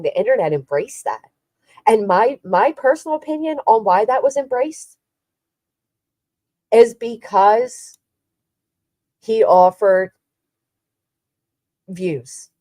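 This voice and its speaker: Woman streamer-host, dark low voice, measured and blunt, dry close sound. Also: no room sound. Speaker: livestream host. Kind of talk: casual livestream chat.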